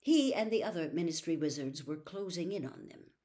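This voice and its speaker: A woman's voice: low voice, expressive, fairly quick, warm tone. A woman reading a novel aloud expressively as a storyteller.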